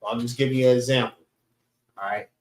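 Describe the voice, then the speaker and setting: A man teaching a class in a casual, drawn-out way, often checking in with "all right?". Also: mid-range voice, fairly even intonation. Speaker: class instructor. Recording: echoey room.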